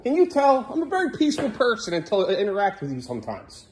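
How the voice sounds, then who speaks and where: A man's voice: high-pitched, huge pitch swings, fast talker, slight background noise. A father in a family home vlog, talking in an exasperated and scolding way, sometimes raising his voice. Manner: exasperated, scolding, loud and sharp at times.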